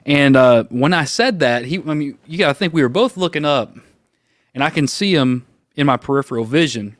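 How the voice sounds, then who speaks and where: A man on a roundtable show telling a personal story in a casual, animated way, acting out the voices of the people he quotes and laughing now and then. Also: a little high, normal speed, no echo. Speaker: roundtable co-host.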